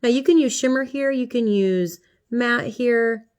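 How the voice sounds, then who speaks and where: A woman's voice: a little high, unhurried, darkish tone. A middle-aged woman talking viewers through a makeup tutorial in a chatty, playful way. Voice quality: chatty, playful, talks to viewers as she works. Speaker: makeup vlogger.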